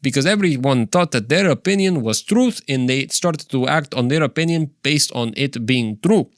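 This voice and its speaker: A man's voice: mid-range voice, lively intonation, normal speed, no echo, studio quality, natural voice. A man doing a put-on Russian voice for a lecturing, world-weary character, with broken, emphatic English.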